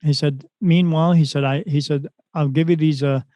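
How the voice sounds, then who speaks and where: A spirit medium, guesting on a podcast, retells a story with animation and casually slips into the voices of the people he quotes. His voice is a little high, his pace normal, and the recording has no room sound.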